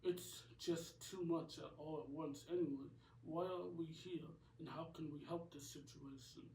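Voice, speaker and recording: A man's voice: fairly high pitch, fairly even intonation, unhurried, vocal fry, mellow, slight background noise. A man voices a skeptical young bandmate who keeps asking questions. It is amateur cartoon voicing. Roomy echo, distant mic. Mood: wary. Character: wary young male bandmate, quick and skeptical.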